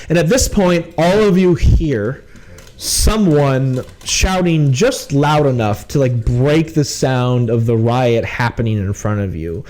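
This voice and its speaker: A man's voice: mid-range voice, takes it slowly, a little mellow, poor audio. A man narrating as game master, rambling with many fillers. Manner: rambling, lots of "like".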